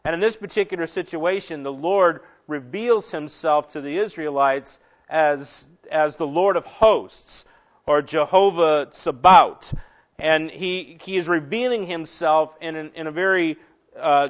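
Male pastor, conversational sermon, slightly high voice, lo-fi recording. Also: measured pace, a bit bright. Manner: conversational, repeats and restarts words. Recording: dull lo-fi recording.

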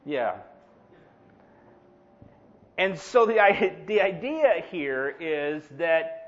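A man preaching a sermon in an animated, sarcastic, self-mocking way. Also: sits high, takes it slowly, long pauses. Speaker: pastor. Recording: dull lo-fi sound.

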